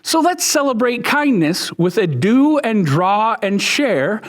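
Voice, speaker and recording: A kind storybook schoolteacher speaks gently and encouragingly in a raised, lively voice, voiced by a man reading aloud. She takes her time. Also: sits high, takes it slowly, voice pushed up, full character voice.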